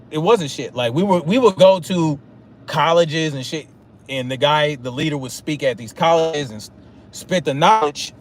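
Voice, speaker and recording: A man's voice: fairly high pitch, slight background noise. A man hosting a livestream, telling a story in a casual, profane, rambling way with many restarts. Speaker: livestream host.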